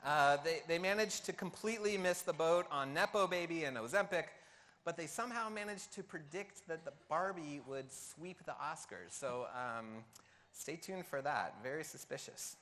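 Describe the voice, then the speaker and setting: A man's voice: on the high side, moderate pace, bright, forceful tone. A man in his thirties, the master of ceremonies at a conference event, joking and self-deprecating as he reads a script aloud with mock drama. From California. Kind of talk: emcee remarks at a live event. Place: conference hall.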